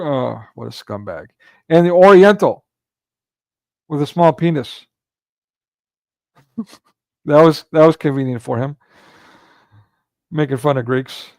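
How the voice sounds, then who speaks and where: A man's voice: medium pitch, vocal fry, darkish tone, no echo. A man hosting a casual livestream commentary, talking in a rambling way with frequent restarts and filler words. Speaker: livestream host.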